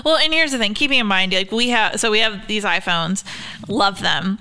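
A woman's voice: medium pitch, moderate pace, bright, forceful tone, clean tone. A woman co-hosting a podcast with her husband from their kitchen, talking in a chatty, emphatic way. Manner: chatty, emphatic, uses "y'all". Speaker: guest co-host. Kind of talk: casual chat. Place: home kitchen.

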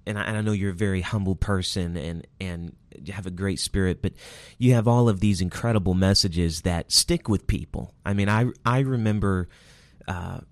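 A man's voice: low voice, no room sound. A man hosting a casual interview, affirming his guest often. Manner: affirming, warm listener with short interjections. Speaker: interview host.

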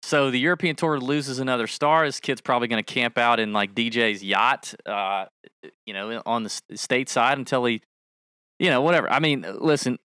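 A man's voice: mid-range voice, steady tone, moderate pace, pushed and bright, clean tone, dry recording, studio quality. A man co-hosting a podcast, chatting casually and jokingly, rambling and correcting himself as he goes. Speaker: podcast co-host. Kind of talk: casual fantasy sports chat.

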